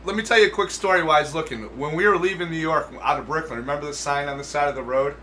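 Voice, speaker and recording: An agreeable man chimes in on a casual live stream and tells quick stories. His voice is bright and slightly higher than most. Faint ambient noise sits behind him. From Ohio. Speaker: fish rescue co-host.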